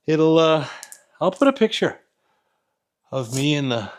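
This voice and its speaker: A man's voice: on the high side, very animated, measured pace. Rambling, joking man in a garage. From Canada. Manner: rambling, joking, self-mocking, muttering while he works. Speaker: home mechanic host. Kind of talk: casual workshop vlog. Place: garage, lying under an old vehicle. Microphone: camera set up nearby.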